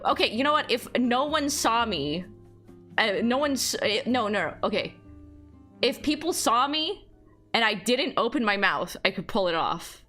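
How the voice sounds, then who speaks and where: A woman's voice: fairly high pitch, lively intonation, moderate pace, bright, forceful tone, soft background music. A young woman streaming, chatting casually with her viewers, rambling with lots of fillers and laughing as she goes. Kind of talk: casual chat reading chat aloud.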